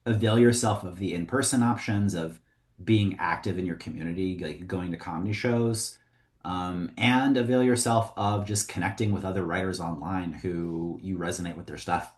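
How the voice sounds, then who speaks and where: A man teaching comedy writing in a casual, conversational way, often pausing with "um" and "like". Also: low voice, a little mellow. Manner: conversational, with frequent ums and likes. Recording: roomy echo.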